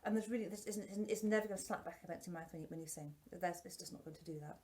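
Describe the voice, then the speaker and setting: A woman's voice: fairly low pitch, rapid-fire, dark tone. A woman and singing teacher chatting through a face mask, self-deprecating and full of restarts, her voice a little muffled. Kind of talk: casual product review.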